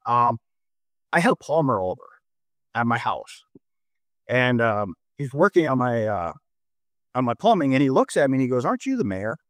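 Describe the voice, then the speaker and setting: A middle-aged mayor, a man from North Dakota, talks through a casual discussion in a voice of medium pitch. He stumbles and repeats words as he tells a story. The sound is dry and close. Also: very animated, normal speed, pauses often, no echo. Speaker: mayor, guest.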